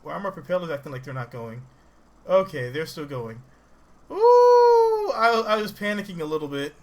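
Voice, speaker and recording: A man giving casual, rambling game commentary, excitable and laughing often as he plays. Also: a little high, fast, a little hiss or hum. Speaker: gaming channel host. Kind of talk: casual let's-play commentary.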